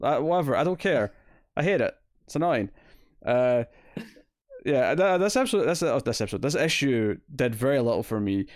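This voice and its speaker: A man's voice: mid-range voice, big pitch swings, normal speed, no echo. Scottish male co-host, blunt and chatty, dry mic. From Scotland. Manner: blunt, opinionated, with frequent fillers. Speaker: podcast co-host. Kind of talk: casual comic review chat.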